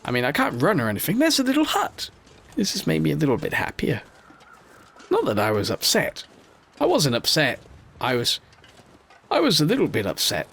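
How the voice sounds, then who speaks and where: Male let's play host, mid pitch, joking self-deprecating game commentary. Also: wildly swooping pitch, brisk, vocal fry, long pauses, fairly bright tone, breathy edge. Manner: playful, self-mocking, jokes while playing. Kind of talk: gameplay commentary.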